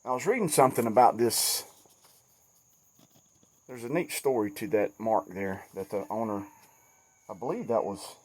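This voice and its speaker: By a wooded trail, a middle-aged man with a Southern US accent chats casually in a lowish voice at normal speed, pausing often. The outdoors vlogger is sweaty and a little shaky after yard work, folksy and self-deprecating, with insects and crickets in the background.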